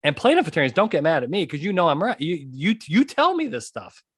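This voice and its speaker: Male podcast host in rant mode, lively pitch, dry close sound. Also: brisk, breathy edge, no room sound. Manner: animated, ranting, laughs often, jumps high in pitch. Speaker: podcast host, litigation psychologist.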